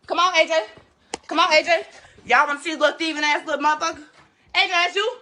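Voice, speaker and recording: A woman's voice: extremely high pitch, fast talker, bright, forceful tone. A woman in a heated, profane confrontation, angrily threatening and repeating her demands. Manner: angry, profane, threatening, repetitive. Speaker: confronting a neighbor over theft. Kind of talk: heated confrontation filmed on a phone.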